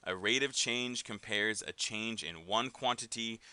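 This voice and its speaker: A man's voice: lowish voice, measured pace, bright, forceful tone, clean tone, no echo. A man teaching an algebra lesson in a casual way, often checking in with "right?" and "okay?". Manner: casual, with frequent fillers and tag questions. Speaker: math teacher. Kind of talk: recorded classroom lesson.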